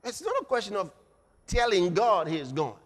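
High, animated preacher man in a big hall. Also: moderate pace. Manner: dramatic, shifts between shouting and low intensity. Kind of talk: sermon. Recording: long reverb of a large hall.

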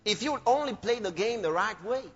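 A man preaching a sermon in an animated way, breaking into shouts and laughter. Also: sits high, brisk. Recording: dull lo-fi sermon recording with faint music.

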